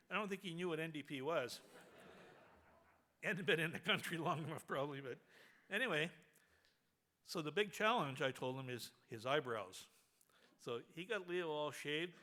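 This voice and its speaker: A man speaking at a memorial who tells a humorous anecdote with animated storytelling and laughs along as he goes. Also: fairly high pitch.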